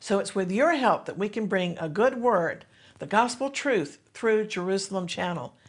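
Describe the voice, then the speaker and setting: A woman's voice: medium pitch, lively intonation, moderate pace. A woman hosting a Christian television ministry, giving an earnest devotional teaching and appeal to viewers. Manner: earnest, exhorting, with emphatic rises.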